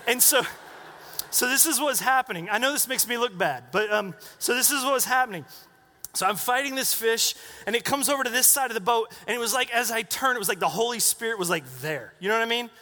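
Bright-voiced preacher in a reverberant hall. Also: male voice, very high voice, animated, fast. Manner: chatty storytelling with asides and acted-out quotes. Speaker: pastor. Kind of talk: sermon story. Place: church sanctuary. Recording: long reverb of a church hall.

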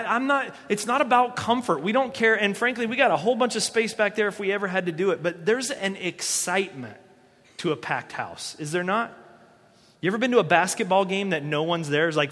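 A man preaching a sermon as pastor, talking in a conversational, animated way and acting out the voices he quotes. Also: high-pitched, a little fast. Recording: long reverb of a large hall.

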